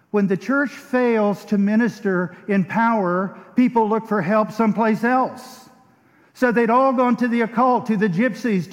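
A man preaching a sermon, telling a story, hushed at times and emphatic at others. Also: sits high. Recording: muffled sound with long hall reverb.

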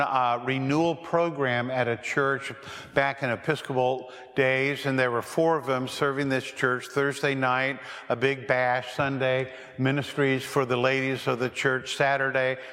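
A male pastor delivers a sermon in a church, mixing stories with rhetorical questions to the congregation. His voice sits at an ordinary middle pitch for a man. A long church-hall reverb trails each phrase. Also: fairly bright tone. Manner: storytelling preacher with rhetorical questions.

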